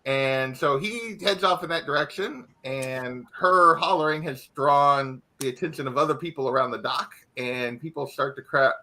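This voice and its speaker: A man's voice: a little high, normal speed, hardly any pauses, sharp tone. A man narrating as game master, casual and loose, with lots of fillers. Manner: casual, filler-heavy, laughs often.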